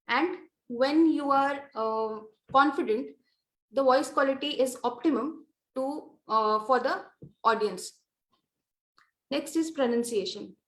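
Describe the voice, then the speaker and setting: A woman with an Indian English accent teaches presentation skills, her voice pitched high and steady. She explains step by step, pausing often with small fillers. The room around her rings with a noticeable echo. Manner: measured, explanatory with frequent fillers. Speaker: lecturer.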